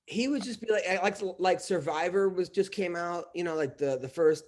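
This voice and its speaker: This comedian guest on a casual podcast has a high-pitched, somewhat dark voice and talks at a moderate pace. He tells meandering stories packed with fillers and restarts.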